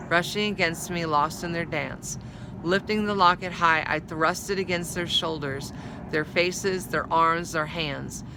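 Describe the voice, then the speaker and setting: A woman reading a children's novel aloud, telling the story in a measured, expressive first-person voice. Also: on the low side, background noise. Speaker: storybook reader.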